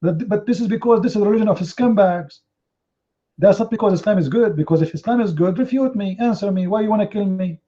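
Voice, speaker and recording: A man's voice: sits high, fast, warm tone. A man hosting a heated live online debate, confrontational and mocking, firing rhetorical questions in non-native English. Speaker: debate host. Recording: slightly muffled online stream audio.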